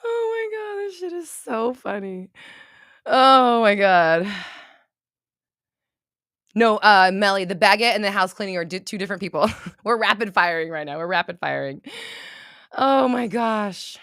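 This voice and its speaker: Bright-voiced woman rambling thru a livestream reading, swears a lot, cracks up, pretty middling pitch. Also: expressive, moderate pace, no room sound, clean studio sound. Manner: rambling, swears freely, bursts into loud laughter. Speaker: livestream host doing intuitive readings. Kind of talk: casual livestream chat.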